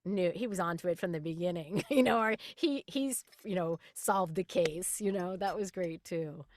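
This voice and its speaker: A woman voice actress talking casually in an interview, animated and chatty, laughing often. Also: fairly low pitch, normal speed, slight background noise. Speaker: voice actress guest.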